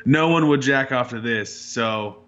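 A man's voice: mid-range voice, measured pace, a bit bright. A young man in casual comedic chat, joking and riffing with a friend. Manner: joking, laughing, doing goofy voices. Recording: dull lo-fi sound.

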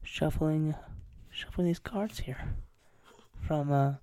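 A man guesting on a podcast, doing a slow, halting mock ASMR bit full of filler words. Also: on the high side, mellow, clear, resonant tone, dry recording.

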